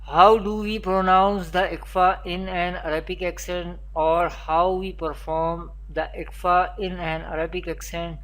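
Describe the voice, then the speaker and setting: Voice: medium pitch, flat delivery, a little slow, few pauses, fairly bright tone. A Quran teacher giving a beginner recitation lesson, naming letters one at a time and repeating spelling drills. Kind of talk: recorded beginner pronunciation lesson.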